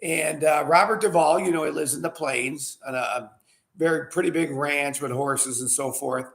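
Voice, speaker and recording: A man's voice: on the high side, normal speed, creaky, fairly bright tone. A middle-aged man hosting his own wine show, telling a rambling story in a chatty way before a casual tasting. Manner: rambling, chatty, full of fillers and asides. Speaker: winery owner and show host.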